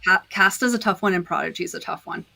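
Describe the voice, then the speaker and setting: A woman's voice: lowish voice, fast talker, vocal fry, pushed and bright. A woman guest on a podcast, explaining her dyeing process step by step in a casual chat, with frequent fillers. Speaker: podcast guest, disc dyer.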